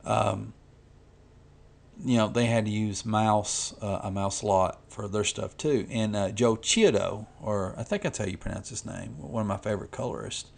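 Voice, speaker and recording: A man's voice: on the low side, normal speed, gravelly, darkish tone. A man who makes comics, talking casually and rambling while he colors, with lots of "you know" and restarts. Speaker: comic artist vlogger.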